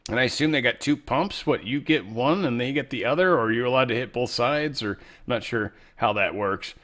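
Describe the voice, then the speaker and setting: A man's voice: mid-range voice, brisk, fairly bright tone. A man hosting casual political commentary, rambling and profane with sarcastic asides. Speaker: show host.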